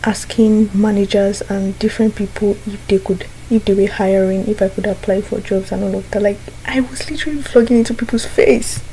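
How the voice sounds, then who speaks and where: Young woman vlogger, earnest and chatty, mellow and even-toned. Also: mid-range voice, a little fast, hardly any pauses, slight background noise, poor audio. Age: young adult. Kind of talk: casual vlog talk to camera.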